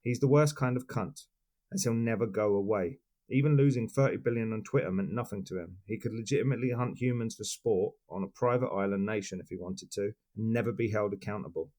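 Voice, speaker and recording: Man, podcast co-host, low voice, deadpan, sweary, scripted rant. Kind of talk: reading a scripted rant, then casual chat.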